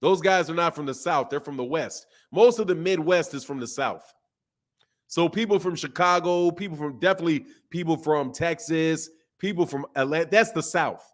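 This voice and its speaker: A fairly high-voiced man hosting a casual boxing livestream. He talks loosely in slang and jumps between points with lots of restarts. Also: normal speed. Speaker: boxing channel host. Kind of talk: casual livestream chat reading super chats.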